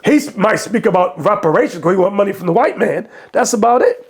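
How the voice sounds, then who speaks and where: A man preaching over video clips with a fiery, impassioned delivery that often rises into shouts. His voice sits high and swoops widely as he quotes and explains scripture. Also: lively intonation, fast, breathy edge. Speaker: religious commentator.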